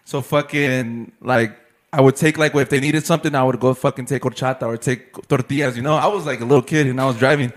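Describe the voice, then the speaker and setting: A man's voice: mid-range voice, steady tone, fast. A young man telling a rambling story in casual chat with friends, full of swearing, fillers and laughter.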